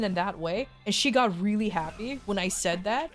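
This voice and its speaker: Woman streamer rambling thru a story, mocks herself, squeaks up high quoting ppl, faint music behind. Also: animated, normal speed. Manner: rambling, self-mocking, jumps pitch high to quote others. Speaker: VTuber streamer. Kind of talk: casual storytelling to chat.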